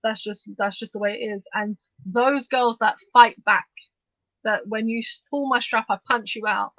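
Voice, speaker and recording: A woman co-hosting a podcast, talking fast and animatedly in bursts, with frequent restarts as she discusses the news. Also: a little high, steady tone, a bit bright, no echo. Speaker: podcast co-host. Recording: dull, dry lo-fi sound.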